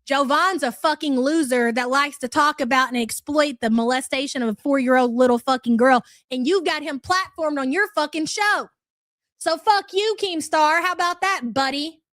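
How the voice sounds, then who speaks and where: A woman's voice: high voice, normal speed, hardly any pauses, fairly bright tone, no room sound, studio quality. A woman hosting a livestream, ranting aggressively with heavy swearing and sarcasm. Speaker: livestream commentary host. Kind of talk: profane livestream rant.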